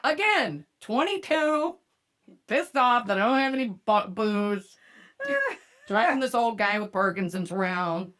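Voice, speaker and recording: A woman's voice: medium pitch, animated, measured pace, fairly bright tone. A woman hosting a podcast, telling a profane story in casual chat and laughing often. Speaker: podcast host.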